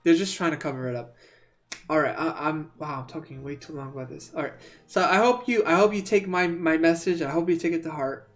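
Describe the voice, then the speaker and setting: A man streaming a video game, talking casually and rambling, repeating words and breaking into excitable outbursts. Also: fairly high pitch, fairly quick, soft background music. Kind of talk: casual let's-play commentary.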